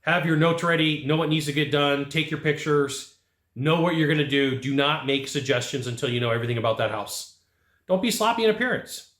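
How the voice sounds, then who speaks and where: Brisk and a little high, with a fairly bright tone, a middle-aged man trains HVAC sales staff while addressing the camera. He talks in emphatic, punchy bursts, frequently ending points with "right?", and the room is echoey.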